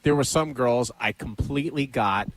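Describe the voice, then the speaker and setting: A middle-aged man co-hosting a radio show in loose, casual banter. He talks with easy confidence, nudging and coaxing like he's giving a pep talk, his voice sitting at an ordinary pitch for a man. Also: moderate pace, low-quality recording.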